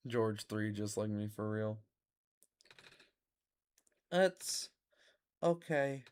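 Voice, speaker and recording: A man streaming a video game, chatting casually, swearing and bursting into excited shouts at the screen. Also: mid-range voice, takes it slowly, pauses often.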